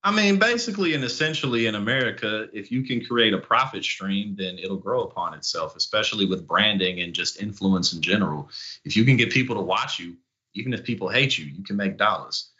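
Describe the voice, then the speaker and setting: A man's voice: fairly low pitch, expressive, brisk, bright, forceful tone, lo-fi sound. A man as a guest commentator in casual chat, talking loosely with fillers and chuckles.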